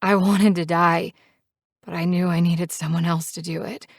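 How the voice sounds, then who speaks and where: Woman voicing a tearful young woman, audiobook character, halting pleas, gravelly low voice, dry close sound. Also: level tone, no echo. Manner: pleading, halting.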